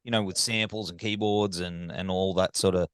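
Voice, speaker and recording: Brief: a male podcast host, lowish voice, casual and friendly, dry close recording. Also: fairly even intonation, normal speed, clear, resonant tone, dry recording. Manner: friendly, informal, swears casually. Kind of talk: casual interview chat.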